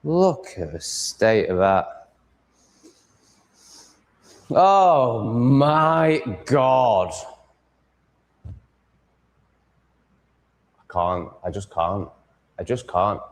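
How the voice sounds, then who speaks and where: Low-voiced male vlogger, home setting, foul-mouthed and exasperated, rambling casual monologue. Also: big pitch swings, takes it slowly, pauses often. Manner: sweary, exasperated ranting. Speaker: vlogger setting up a live stream.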